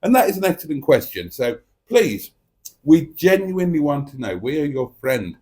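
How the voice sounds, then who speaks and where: Cheeky man, lively live-stream host. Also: fairly high pitch, normal speed. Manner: playful, cheeky and theatrical, reading out viewer comments. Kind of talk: casual live-stream chat.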